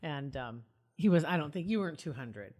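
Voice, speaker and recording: A man's voice: a little high, expressive, a little mellow. A man co-hosting a podcast, dropping in chatty asides and questions. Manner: chatty, quick interjections. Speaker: podcast co-host. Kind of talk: casual podcast chat.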